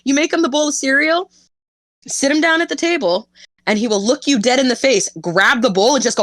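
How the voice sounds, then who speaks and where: A young woman chatting as a podcast guest, telling stories in an animated way, laughing often and swearing freely. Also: high voice, normal speed, no room sound. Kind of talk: casual interview chat.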